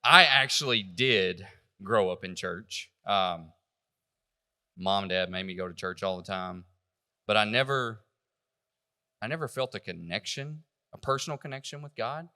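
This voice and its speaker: A man giving a personal church testimony, halting and emotional, stumbling over his words. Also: fairly low pitch, bright, forceful tone, in a large hall.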